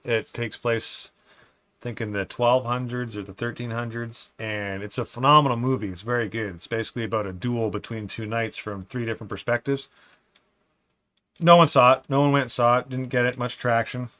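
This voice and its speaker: A man hosts a relaxed live stream as he builds a Lego set. His voice sits at an everyday middle pitch. He reads out viewer comments and talks through his opinions, then drifts into low, quiet mutters as he works on the pieces. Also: brisk. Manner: often drops to quiet muttering while building. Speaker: livestream host building Lego. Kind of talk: casual live-stream chat.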